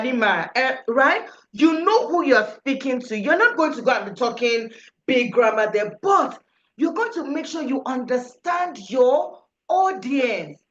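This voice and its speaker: Animated woman coaching a class. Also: fairly high pitch. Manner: animated, acts out examples, direct and coaching. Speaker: public speaking trainer. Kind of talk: workshop teaching to a live class. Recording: echoey room, dull lo-fi sound.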